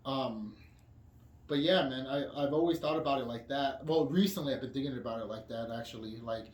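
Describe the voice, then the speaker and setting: A man's voice: mid-range voice, a little fast. A man as a podcast guest, talking in a profane, rambling way with frequent restarts. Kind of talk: casual candid chat. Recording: roomy echo with background noise.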